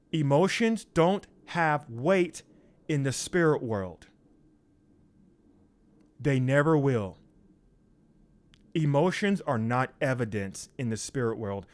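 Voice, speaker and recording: A man preaching an informal sermon, emphatic and repetitive, acting out quoted excuses in a higher voice. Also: animated, takes it slowly, pauses often.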